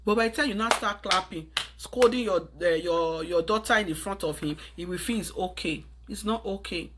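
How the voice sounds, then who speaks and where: A woman's voice: mid-range voice, moderate pace, background noise. A Nigerian woman lecturing her viewers in an urgent, preachy tone, slipping into pidgin phrases. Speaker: vlogger giving advice. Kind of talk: earnest advice monologue to camera.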